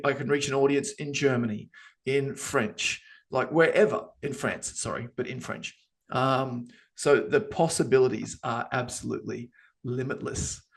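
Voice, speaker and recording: Guy rambling thru a live demo on a video call, lots of ums, playful. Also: mid-range voice. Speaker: co-presenter on a webinar. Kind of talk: casual live demo talk.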